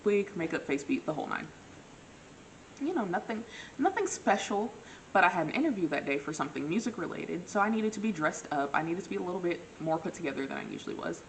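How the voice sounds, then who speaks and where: Lively young woman telling a story. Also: quick pace, slight background noise, poor audio. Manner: animated, acts out quotes with big pitch jumps; self-mocking, laughs often. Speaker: vlogger. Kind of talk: casual storytelling.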